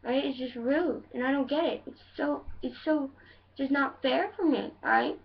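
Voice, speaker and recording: A talking cheeseburger complains in a quiet, sulky voice, full of self-pity, as a woman acts it out. The voice is high. It sounds dull, as if from across a room. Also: steady tone, normal speed, lightly acted.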